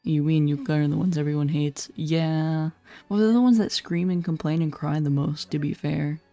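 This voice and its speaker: A woman streaming a horror game, chatting casually and bluntly, swearing and laughing often, her voice a little hoarse. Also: sits low, fairly even intonation, normal speed, dark tone, soft background music. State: slightly hoarse. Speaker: VTuber streamer. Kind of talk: casual gameplay commentary.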